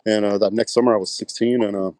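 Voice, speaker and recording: A man's voice: lowish voice, fairly even intonation, quick pace, darkish tone, no room sound. A middle-aged man from West Texas with a Texan accent, telling rambling stories with lots of fillers in a casual interview. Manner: rambling anecdotes with many fillers, acts out quoted dialogue. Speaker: guest, pro bodybuilder.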